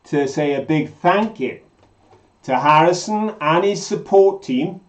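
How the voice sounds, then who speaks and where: A man's voice: a little high, animated. Chatty British man in an echoey room. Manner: chatty, enthusiastic, drawn-out quiz questions. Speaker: co-host of a live mudlarking show. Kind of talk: casual live-stream chat.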